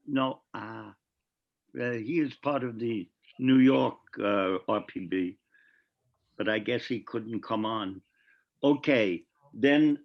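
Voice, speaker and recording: A man hosting a live-streamed poetry reading, introducing the next poet with hesitant pauses and fillers. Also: medium pitch, vocal fry. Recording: dull lo-fi audio.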